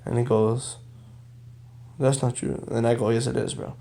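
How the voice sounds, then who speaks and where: A man's voice: medium pitch, moderate pace, gravelly. Young man venting in casual storytime. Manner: animated retelling, quotes others, frequent "bro" and "you know". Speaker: vlogger telling a personal story.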